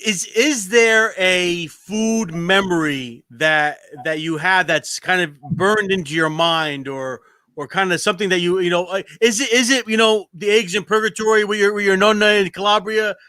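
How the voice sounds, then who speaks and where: High, bright-voiced male host. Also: no room sound, clean studio sound. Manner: halting questions with many restarts. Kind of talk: casual interview chat.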